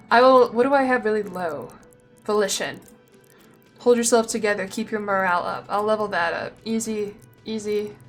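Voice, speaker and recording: A woman's voice: medium pitch, fairly bright tone. A young woman streamer giving chatty, playful gameplay commentary at a desk mic. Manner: chatty, playful, impulsive, often laughing.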